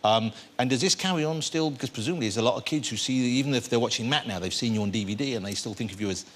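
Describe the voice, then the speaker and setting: A man's voice: mid-range voice, slight background noise. A man hosting a TV chat show, firing off rambling questions to his guest. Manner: rapid, chatty questioning with fillers. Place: TV studio with audience.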